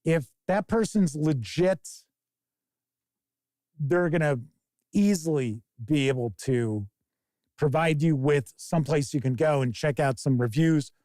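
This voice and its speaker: Brief: male stream host, slightly high voice, dry close sound, rambling and casual, swears freely. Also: a little slow, pauses often, no echo. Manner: rambling, profane, animated mock quotes. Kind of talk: casual live-stream talk.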